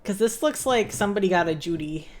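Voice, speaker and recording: A woman's voice: mid-range voice, animated, quick pace, a little mellow. A young woman streaming a game, chatting casually in a playful, giggly, rambling way and poking fun at herself.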